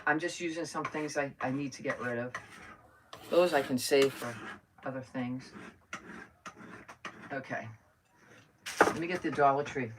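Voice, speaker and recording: A woman's voice: extremely low pitch, a little slow, long pauses. A woman chatting casually with her viewers while doing a craft project live, rambling and greeting people by name. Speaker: crafting livestream host. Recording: voice a bit far from the mic, faint noise.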